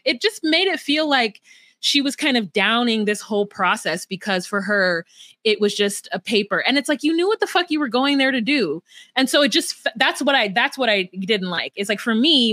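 A woman's voice: mid-range voice, sharp tone, no echo, clean studio sound. A woman co-hosting a podcast, speaking frankly and with some heat, swearing freely as she recaps a reality show. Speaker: podcast co-host. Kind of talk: casual reality-TV recap chat.

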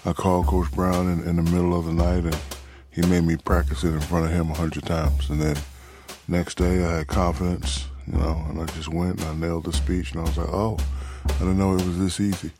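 A middle-aged man answering interview questions in a relaxed storytelling way, often saying "you know". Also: low voice, a little fast, faint music behind. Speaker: interview guest, author.

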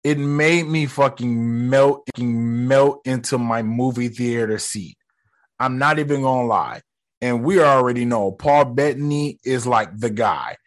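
A man's voice: mid-range voice, a little slow. A man casually ranking movie moments for his viewers, talking loose and slangy with frequent swearing. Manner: loose, slangy and profane, talks straight to viewers. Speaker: movie vlogger.

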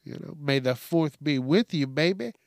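A man's voice: a little high, expressive, moderate pace, no room sound, clean studio sound. A male podcast host ranting through a profane solo monologue, congested from allergies.

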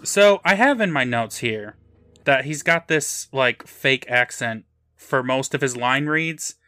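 Bright, dry-voiced man recapping an episode. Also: mid-range voice, takes it slowly, dry recording. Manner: deadpan, crude asides while recapping. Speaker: podcast co-host recapping an episode. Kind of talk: casual recap narration with jokes.

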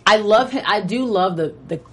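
A woman co-hosting a casual TV recap chat, animated and laughing, acting out scenes in quoted voices. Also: mid-range voice, moderate pace. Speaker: podcast co-host.

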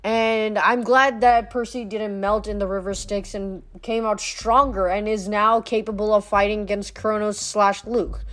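A woman's voice: medium pitch, level tone, measured pace, few pauses, fairly bright tone, dry recording. A woman reading a novel aloud chapter by chapter, often tripping over words and restarting them. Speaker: reader.

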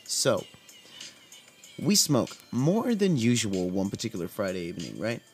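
A man's voice: lowish voice, very animated, measured pace, a little mellow, faint music behind. A young man from Southern California's desert valley, casually telling a podcast story in a laid-back, profane, filler-heavy way. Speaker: podcast host.

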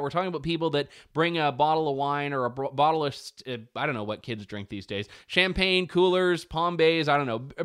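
A man's voice: on the high side, a bit bright, smooth. Punchy, sarcastic male show host. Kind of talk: solo commentary.

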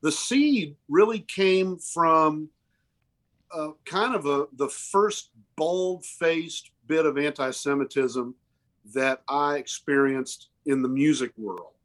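A man's voice: fairly high pitch, fairly bright tone. Earnest man in his fifties. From Oklahoma. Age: 50s. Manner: earnest, emotional, halting restarts. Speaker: musician guest. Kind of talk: candid interview storytelling.

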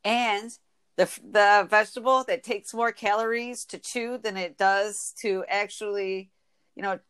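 A woman with a Michigan accent hosting a casual podcast chat, playful and quick to laugh as she acts out phrases. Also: medium pitch, fairly even intonation, fairly bright tone, clear, resonant tone. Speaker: podcast host.

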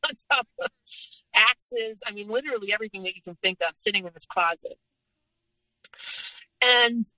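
A young adult woman recounts her own story as a podcast guest, earnest and steady, often in the present tense. Her voice is bright and forceful. The recording is close and dry, with no room sound. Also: medium pitch, dry recording, low-quality recording. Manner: earnest, retelling past events in present tense. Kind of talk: personal story told in conversation.

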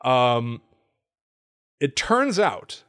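A man's voice: mid-range voice, big pitch swings, very slow, fairly bright tone, clean tone. A man hosting a podcast, casually retelling a film plot with amused laughs. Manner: amused storytelling with frequent laughs. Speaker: podcast host.

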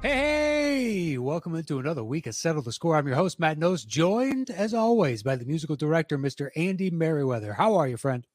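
A man's voice: fairly high pitch, very animated, brisk, hardly any pauses. A man hosting a music trivia podcast, chatting casually and teasing his co-host with sarcastic banter. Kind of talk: casual chat.

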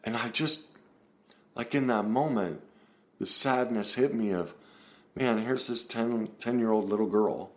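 Deep-voiced man, earnest therapist. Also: measured pace, a bit bright. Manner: earnest, explaining. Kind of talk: casual talk to camera.

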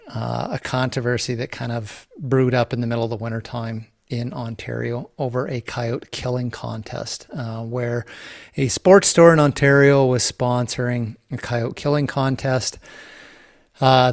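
A man from Canada hosts his own podcast in an easy, rambling way, full of fillers and restarts. His pace is unhurried and his pitch sits in the middle of the usual range. The sound is dry and close, with almost no room echo. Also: vocal fry. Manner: relaxed, with many fillers and restarts. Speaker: podcast host. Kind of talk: casual solo podcast talk.

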